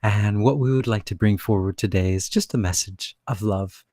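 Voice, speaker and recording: A man speaking as a channeled mermaid spirit, in slow, calm, repetitive speech. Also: fairly low pitch, no room sound, lightly acted. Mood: serene.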